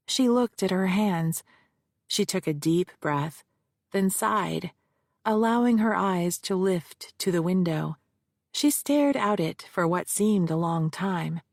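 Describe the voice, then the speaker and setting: Woman narrator, low gravelly tone, dry close mic, measured first-person read. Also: lively intonation, a little mellow, no echo. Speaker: audiobook narrator.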